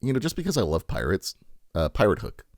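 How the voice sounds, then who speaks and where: A man's voice: deep voice, huge pitch swings, a little fast, no echo, studio quality. A man co-hosting a podcast in casual chat, rambling and laughing often. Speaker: podcast co-host.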